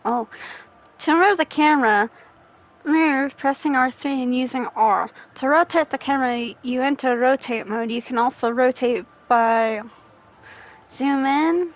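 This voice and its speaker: A woman's voice: sits high, a little slow, low-quality recording. A woman gamer reading game text aloud in a casual let's play, giggly and playful.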